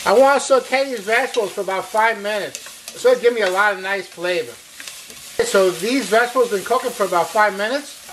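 A man's voice: high voice, fairly quick, a bit bright, slight background noise. A middle-aged man hosting a cooking show as a chef, chatty and upbeat, walking through a recipe step by step with frequent exclamations. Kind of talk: casual cooking demonstration.

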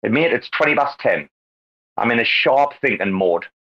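A man hosting a crypto talk space, brash and excitable, swearing constantly in casual banter. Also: mid-range voice, normal speed. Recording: lo-fi online call audio.

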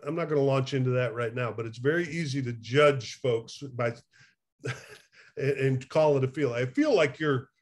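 A man speaking as a recovery therapist in an interview, animated and chuckling as he talks, with hesitant restarts. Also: medium pitch, normal speed. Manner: animated, acts out quotes, chuckles often. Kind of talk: conversational interview.

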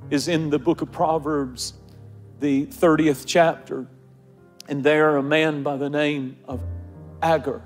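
Emotional pastor preaching with soft music. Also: male voice, a little high. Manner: repetitive preaching cadence, building emphasis. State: emotional, near tears. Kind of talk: sermon. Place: large church auditorium, live congregation. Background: faint music.

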